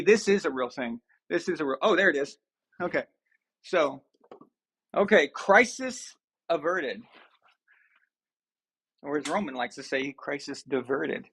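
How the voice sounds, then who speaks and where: A man's voice: medium pitch, fairly bright tone, breathy edge. A man hosting a sports live stream, chatting casually and ranting with mock outrage to his viewers.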